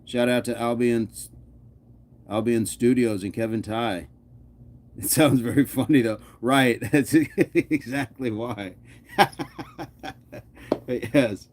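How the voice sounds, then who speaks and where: A man's voice: medium pitch, slow, long pauses, a little hiss or hum. A man hosting a fitness channel, chatting casually with his live chat, joking often and laughing. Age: adult.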